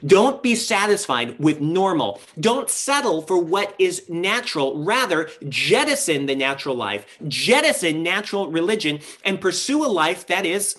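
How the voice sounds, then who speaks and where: Earnest preaching pastor. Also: male voice, on the high side, big pitch swings, moderate pace, fairly bright tone. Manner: earnest, emphatic preaching with shifting pace and rhetorical questions. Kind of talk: sermon.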